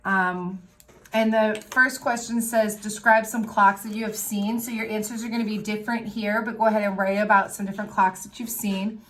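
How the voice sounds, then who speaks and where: A woman teacher giving a recorded lesson to young children, explaining worksheets step by step in a clear, patient way. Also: mid-range voice, steady tone, moderate pace, slight background noise. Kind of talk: recorded remote class lesson.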